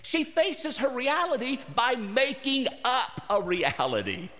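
A male pastor preaching a sermon in short phrases, pausing often and putting questions to his listeners. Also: very high voice, sing-song, sharp tone. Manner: broken into short phrases with pauses. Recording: long reverb of a large hall.

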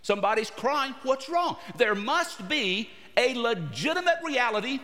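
High, lively preaching pastor in a hall. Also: male voice. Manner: preaching with many rhetorical questions to the listeners; broken into short phrases with pauses. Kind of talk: sermon. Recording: long reverb of a large hall.

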